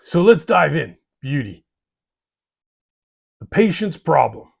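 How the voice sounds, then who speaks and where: A man's voice: on the high side, very animated, takes it slowly, creaky, husky. A man hosting a hobby channel, delivering a scripted monologue in a folksy way, ending lines with "eh?" and "bud".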